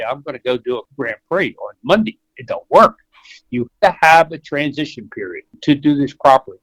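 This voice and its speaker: This is an older man from the United States talking about his work in an easygoing, folksy way, slipping into other people's voices as he tells his stories. His voice sits a bit high for a man, and the recording is dry and close, with no room sound. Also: no echo, lo-fi sound. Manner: folksy storyteller, acts out quoted voices. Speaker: veterinarian guest. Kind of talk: conversational interview.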